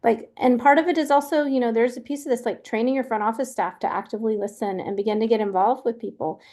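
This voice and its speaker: A fairly high-pitched woman hosts a webinar in a loose, conversational way. She talks in a chatty manner, full of fillers and restarts. She sounds middle-aged. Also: steady tone, fast talker, darkish tone. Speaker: webinar host. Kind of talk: casual webinar presentation.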